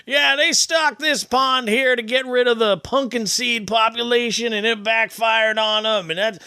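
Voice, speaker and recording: A man voicing a belligerent drunk male fisherman, loud and rowdy. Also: very high-pitched, fairly even intonation, measured pace, clear, resonant tone, no echo, clean studio sound, voice pushed up, heavily acted.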